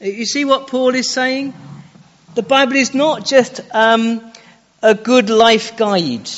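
A man with a high voice preaches a sermon in a church, putting direct, challenging questions to his listeners. His words ring out with a long reverb. The recording is dull and lo-fi. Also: slow pace, fairly bright tone.

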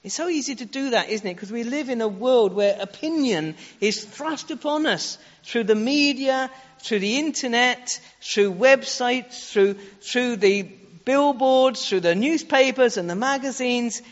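A man's voice: extremely high pitch, unhurried. A man preaching a sermon, earnest, leaning on rhetorical questions and shifting his pace for emphasis. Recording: echoey hall, dull lo-fi sound.

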